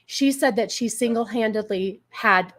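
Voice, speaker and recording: A woman livestream host speaks a little slowly in a fairly high, slightly bright voice. During her casual political commentary she argues with chat in exasperation and thanks donors.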